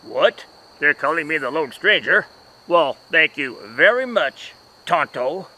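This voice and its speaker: A fussy, easily flustered masked lawman, played by a man in a homemade comedy sketch. He scolds in an exasperated way, his voice slightly high, very bright and swinging all over the place. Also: big pitch swings, unhurried, heavily acted, low-quality recording. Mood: worried.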